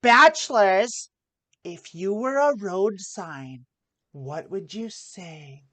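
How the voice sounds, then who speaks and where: A woman's voice: mid-range voice, animated, drawn-out words, a bit bright. A woman playing a cheery bachelorette on a mock improv game show. Her voice is mid-range and playful. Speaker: bachelorette contestant.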